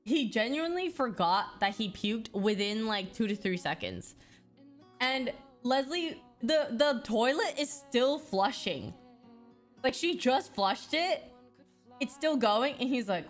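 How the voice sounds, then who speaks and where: A woman's voice: on the high side, animated, soft background music. A woman telling a funny story in casual chat, giggling and saying "like" a lot. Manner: giggly, fast, filler-heavy with lots of "like".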